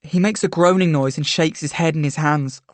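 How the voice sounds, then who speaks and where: Woman reading a story quietly. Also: sits low, moderate pace, dry recording. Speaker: story reader. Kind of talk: first-person story narration.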